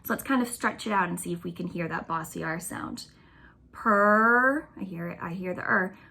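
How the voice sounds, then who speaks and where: A woman teaching a remote phonics lesson to young schoolchildren, cheerful and patient, slowly stretching words out for the class. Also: fairly low pitch, creaky, pushed and bright.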